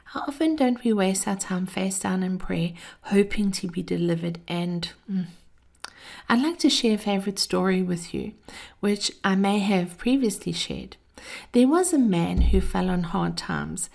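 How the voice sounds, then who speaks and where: A woman hosting a scripted motivational talk, speaking in a measured, earnest way and addressing listeners fondly. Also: medium pitch, creaky, a little mellow. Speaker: host.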